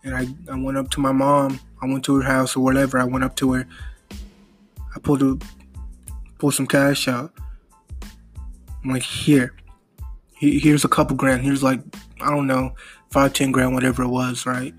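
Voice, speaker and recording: Earnest young man with a flat voice. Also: medium pitch, soft background music. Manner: earnest, repetitive, halting with restarts. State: emotional. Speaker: podcast host. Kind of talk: solo motivational podcast monologue.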